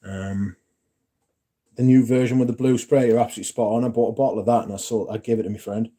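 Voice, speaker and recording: A man's voice: fairly low pitch, fairly even intonation, quick pace, mellow. A man, chatting casually and rambling on a livestream, answering viewers and swearing now and then. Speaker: livestream host. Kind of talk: casual chat.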